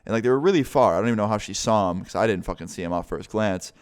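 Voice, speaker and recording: A young man vlogger telling a story in a casual, profane, animated way. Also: fairly low pitch, very fast, clean tone.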